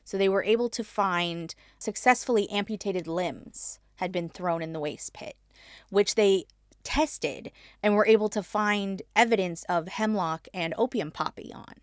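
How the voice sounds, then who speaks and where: A woman co-hosting a casual history podcast, chatty and quick to laugh. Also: medium pitch, no room sound, studio quality. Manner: giggly, chatty, laughs often. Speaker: podcast co-host.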